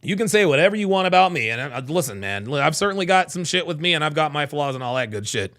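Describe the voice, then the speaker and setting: A man hosting a casual livestream, reading chat and telling profane, animated stories. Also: fairly high pitch, fast talker.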